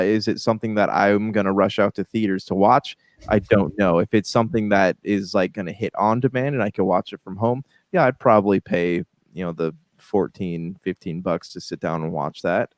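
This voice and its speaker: A lower-voiced man talking casually on a podcast, the sound dry and close. He hesitates often, filling gaps with ums and restarting his thoughts. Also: dry recording. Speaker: podcast co-host. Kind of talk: casual pop culture chat.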